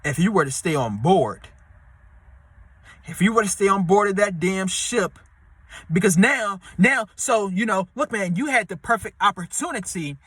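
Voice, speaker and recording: Bright-voiced man giving slangy relationship advice. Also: expressive, moderate pace, husky, no echo. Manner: slangy, repetitive, street-talk delivery; acts out quoted voices in a high pitch. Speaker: advice vlogger. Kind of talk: casual advice monologue.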